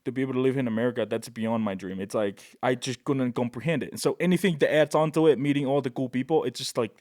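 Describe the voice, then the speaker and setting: Male guest from Tonga, mid-range voice, lively anecdotes, dry podcast mic. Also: mid-range voice, fast, no room sound. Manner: animated, excitable, peppers speech with "right?" and "bro". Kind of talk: casual storytelling.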